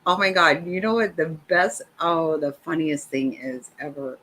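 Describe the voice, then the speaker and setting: Laughing, animated woman telling stories. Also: deep voice, measured pace, slight background noise, rough recording. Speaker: livestream host. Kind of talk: casual chat.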